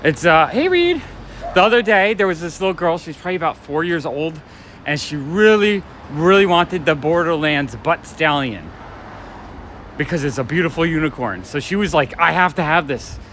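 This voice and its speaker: Guy rambling stories while walking the streets, kinda high voice, bright and punchy. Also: expressive, normal speed, slight background noise. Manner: rambling, chatty storytelling with laughs. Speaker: vlogger and toy shop owner. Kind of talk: casual walk-and-talk vlog. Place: outdoors on city streets.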